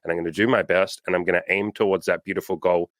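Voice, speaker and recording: A man's voice: low-pitched, steady tone, quick pace, fairly bright tone, no room sound. A man hosting a coaching interview, talking frankly and emphatically with casual swearing. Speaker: coach and host.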